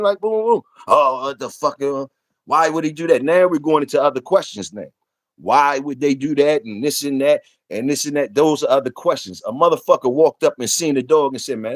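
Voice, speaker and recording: A man's voice: a little high, no room sound. A man, hosting a casual livestream, ranting in a profane, repetitive and emphatic way. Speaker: livestream host.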